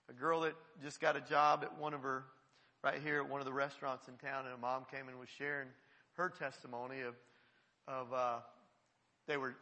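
A pastor delivers an earnest, conversational sermon in a slightly high, very bright voice. He circles back and repeats his phrases as he builds a point. The sound carries the long reverb of a church sanctuary. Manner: earnest, conversational preaching with repetitions.

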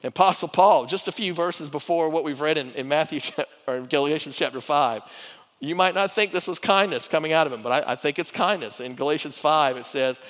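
A middle-aged pastor preaches to his church conversationally in a slightly high, bright voice at a fairly quick pace. He repeats words and restarts phrases as he goes, and the hall adds a long reverb.

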